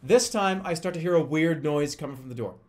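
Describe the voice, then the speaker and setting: A man's voice: fairly high pitch, a little fast, slight background noise. A young adult man, a streamer, telling a story in casual, profane speech with frequent laughter.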